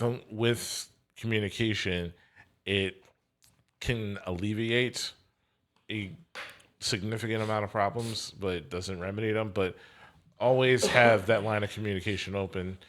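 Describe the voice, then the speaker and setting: A man speaking as a podcast guest in casual chat, measured and thoughtful with some hesitations. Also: fairly low pitch, a bit bright.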